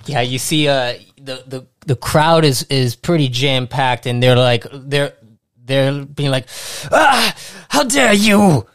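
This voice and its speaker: A man running a tabletop game as game master, narrating in a halting way with many restarts. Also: medium pitch, little pitch movement, smooth, no room sound. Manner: halting, restarts often, laughs easily.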